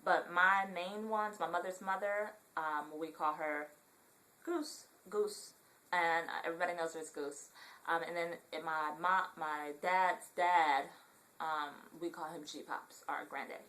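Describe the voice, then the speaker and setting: Congested low-voiced Southern California woman. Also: measured pace, low-quality recording. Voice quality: congested, nasal. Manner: relaxed, rambling, many ums. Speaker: vlogger. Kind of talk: casual accent tag vlog.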